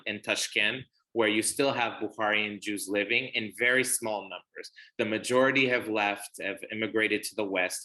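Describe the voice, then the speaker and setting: Bright-voiced man teaching phrases. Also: lowish voice, low-quality recording. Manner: explanatory, with fillers and restarts. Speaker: presenter. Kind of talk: casual online presentation.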